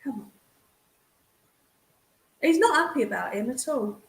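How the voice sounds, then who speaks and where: A woman's voice: high-pitched, sing-song, a little slow, creaky, roomy sound. A woman giving a psychic reading as a medium, chatty and affectionate, calling the sitter darling.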